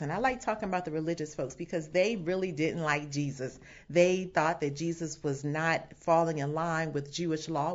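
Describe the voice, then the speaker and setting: A woman pastor giving a sermon, teaching with emphatic quoted asides and bursts of laughter. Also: low-pitched. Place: home setting away from the sanctuary. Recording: dull lo-fi sound.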